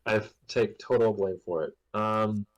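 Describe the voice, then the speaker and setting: Low-voiced man rambling in podcast chat. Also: muffled recording. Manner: rambling, laughs often, trails off with fillers. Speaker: podcast co-host. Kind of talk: casual book-discussion chat.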